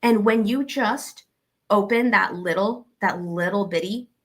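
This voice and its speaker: A young woman with a Southern American accent giving casual, animated advice and acting out the exchanges she describes. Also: mid-range voice, a little slow. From Arkansas, USA. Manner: animated, acts out quoted exchanges.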